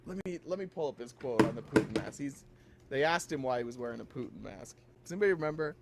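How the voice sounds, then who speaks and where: A man's voice: medium pitch, lively intonation, fast talker, very noisy. A man co-hosting a casual political commentary show, joking and laughing often as he mimics others. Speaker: co-host.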